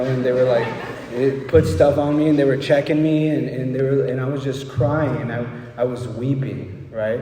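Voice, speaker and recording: A man's voice: mid-range voice, mellow. Candid man speaking in a distant hall. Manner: candid, rambling, frequent "right?" asides. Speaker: recovery speaker. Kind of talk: personal recovery talk. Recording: roomy hall from far off.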